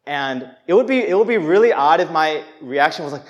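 A young man preaching a sermon in a church, conversational and animated, acting out people's reactions as he speaks. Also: a little high, fairly quick, lo-fi sound. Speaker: pastor.

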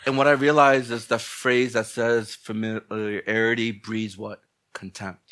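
A male pastor giving a humorous sermon, telling stories in an animated, blunt, joking way, often laughing and mimicking people. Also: fairly low pitch, measured pace.

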